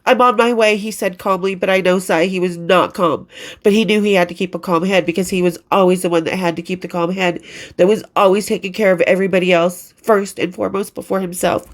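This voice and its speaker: A middle-aged woman reading her own memoir aloud, candid and expressive, with casual asides and blunt swearing. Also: on the low side, brisk.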